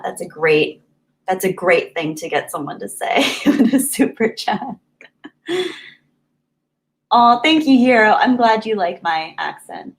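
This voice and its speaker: A woman's voice: on the high side, rough recording. A young woman chatting casually on a live stream, reading out viewer donations with frequent laughs and off-the-cuff asides.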